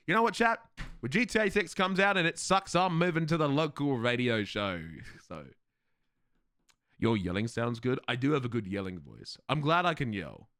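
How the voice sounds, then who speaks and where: A male streamer chats casually with his viewers in a medium-pitched voice, swearing freely and laughing often. His delivery is animated and profane, with a slight lisp and words that sometimes slur. The audio is clean studio sound with no room echo.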